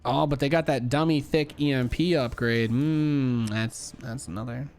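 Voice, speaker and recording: A man's voice: mid-range voice, fairly even intonation, normal speed, a little mellow. A young man giving casual, joking commentary on an esports replay as a streamer. He swings between hype and dry asides. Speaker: streamer and caster.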